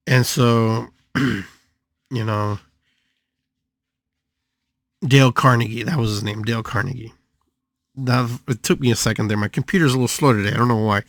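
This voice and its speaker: An older man who hosts a spiritual podcast and works as a spiritual healer gives an animated motivational talk. His pitch jumps suddenly, and he playfully stretches out repeated words, with no echo in the recording.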